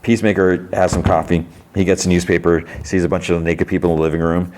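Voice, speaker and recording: A man's voice: sits low, flat delivery, fast, noisy background. A man casually recapping a TV episode on his podcast, rambling with fillers and chuckles. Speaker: podcast host.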